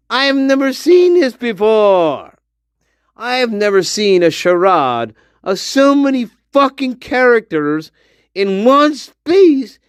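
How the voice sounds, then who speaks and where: A man's voice: very high-pitched, clean tone, no echo, studio quality. Profane, rambling man hosting a livestream. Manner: profane, rambling, laughs often. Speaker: host of a one-man show. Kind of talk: casual livestream chat.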